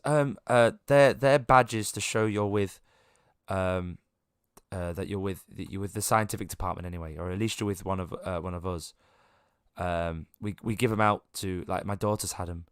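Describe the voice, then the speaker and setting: Man playing a nervous stammering middle-aged scientist, flustered, low dry voice, tabletop game figure. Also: moderate pace, clear, resonant tone, no room sound, natural voice. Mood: anxious. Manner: stammering, nervous, eager to help.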